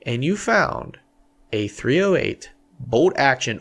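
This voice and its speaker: A man's voice: mid-range voice, sing-song, slow, vocal fry, a bit bright. A man co-hosting a hunting podcast in a small studio, talking casually in long rambling runs full of fillers. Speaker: podcast co-host.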